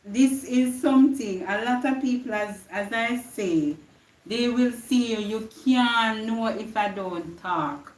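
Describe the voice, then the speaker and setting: A woman's voice: a little high, slow. Jamaican woman, young, earnest inspirational talk, echoey room, distant mic. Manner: earnest, preachy, slips into patois. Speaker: live-stream motivational speaker. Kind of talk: inspirational live-stream talk.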